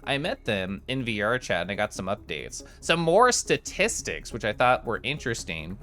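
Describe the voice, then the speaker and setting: Bubbly, lively-voiced male streamer. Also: on the low side, moderate pace. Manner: chatty and bubbly, with excited exclamations. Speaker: live-streaming artist. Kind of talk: casual stream chat, reading and answering chat.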